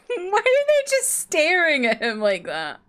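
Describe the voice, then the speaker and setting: A woman's voice: high voice, huge pitch swings, a little slow, fairly bright tone. A young woman streaming a game, chatting cheekily with her viewers and swearing freely. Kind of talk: casual gameplay commentary.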